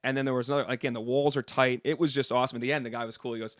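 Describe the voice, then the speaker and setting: A man co-hosting a podcast tells a story at a rapid clip, animated and loose, dropping slang as he goes. His voice is mid-pitched and sits close and dry, with no room sound behind it. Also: no echo. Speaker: podcast co-host and sports reporter. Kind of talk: casual chat, storytelling.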